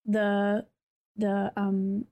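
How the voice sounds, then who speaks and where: A woman's voice: medium pitch, completely flat delivery, drawn-out words, dark tone. A woman running a tabletop role-playing game, narrating the scene in a chatty way with many fillers. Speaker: game master.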